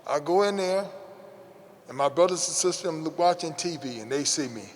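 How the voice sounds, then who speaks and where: A man's voice: fairly high pitch, animated, moderate pace, big-room sound, slight background noise. A man, an interview guest, telling a childhood story in a folksy, repetitive way with many restarts. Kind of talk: casual storytelling.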